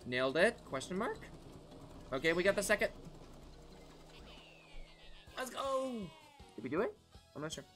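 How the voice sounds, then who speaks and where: A man streaming a racing game live, chatting with his viewers in an excitable, talkative way and laughing often. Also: fairly high pitch, quick pace, pauses often. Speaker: gaming streamer. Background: faint background music.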